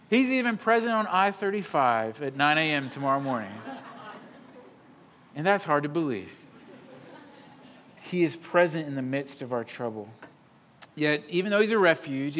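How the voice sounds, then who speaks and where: Emphatic pastor, loud then hushed. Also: male voice, a little high. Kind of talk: sermon. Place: church sanctuary.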